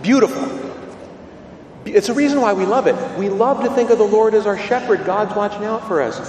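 A man serving as a priest, delivering a homily in a storytelling manner that swings up into high, excited tones. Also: quick pace, a little hiss or hum. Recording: roomy hall reverb, voice from a distance.

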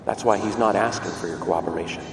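A man, a priest, giving a sermon, with big swings in pitch and loudness and slow, stressed phrases. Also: creaky, background noise. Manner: dramatic swings in pitch and volume, slows for emphasis. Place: large church. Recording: echoey church from far off.

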